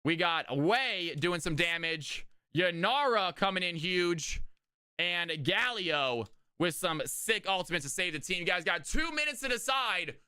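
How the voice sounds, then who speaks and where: Energetic male stream caster, crisp resonant voice, dry and close. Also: high voice, a little slow, dry recording. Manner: hyped, energetic hype-man delivery. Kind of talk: live game-stream casting.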